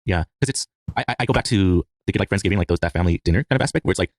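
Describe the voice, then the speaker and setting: Male podcast co-host, rapid-fire delivery, husky tone, playful bits. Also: lively intonation, dry recording, studio quality. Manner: joking, jumps into sudden high silly voices. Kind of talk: casual chat.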